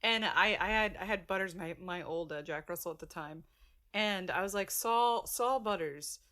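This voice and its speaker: A woman's voice: lowish voice, steady tone, moderate pace, sharp tone. A woman telling a rambling story in casual podcast chat, laughing as she goes and swearing freely. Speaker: podcast co-host.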